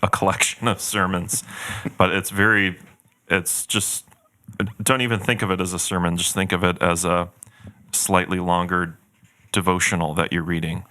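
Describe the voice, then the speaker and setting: A man's voice: low voice, flat delivery, moderate pace, pushed and bright, no echo. A man co-hosting a church podcast, chatting earnestly and thoughtfully about a book he recommends. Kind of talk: casual book recommendation chat.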